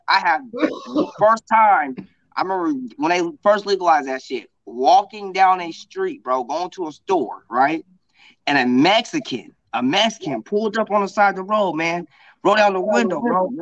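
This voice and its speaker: High-voiced man telling a story, animated. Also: dry recording, dull audio. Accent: US Pacific Northwest. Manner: animated, profane, repeats "you feel me". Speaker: podcast co-host. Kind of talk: casual podcast storytelling.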